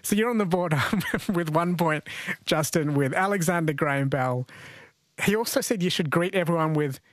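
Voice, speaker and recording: A man's voice: fairly high pitch, normal speed, no echo. Chatty male radio host in a dry studio. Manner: chatty, jokey, laughs often. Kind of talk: radio quiz hosting.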